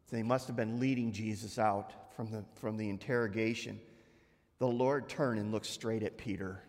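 A man's voice: fairly low pitch, normal speed, darkish tone. A male pastor preaching a sermon, retelling scripture conversationally with frequent restarts. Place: church sanctuary. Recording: long church hall reverb.

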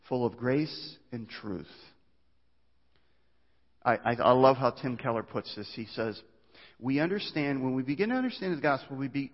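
A pastor with a mid-range voice preaches a sermon from the pulpit, and a long reverb carries his slightly muffled voice through a large hall. He shifts between loud, raised stretches and quieter ones. His preaching is animated, and he often trips over words and restarts.

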